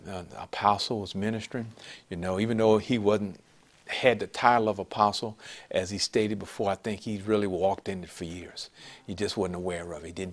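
A middle-aged man preaching a sermon, telling a rambling personal story with many restarts that rises into loud, emphatic preaching. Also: low-pitched. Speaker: pastor.

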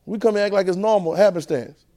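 A class at a church training center hears a sermon from a man whose voice sits high and moves at a quick pace. He is animated, repeats himself, and throws out one rhetorical question after another.

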